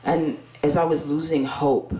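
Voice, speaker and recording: A woman comedian doing a stand-up set, telling a story loudly and profanely with big swings in her voice. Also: deep voice, steady tone, measured pace. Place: comedy club stage before a laughing audience. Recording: echoey live venue with loud crowd noise.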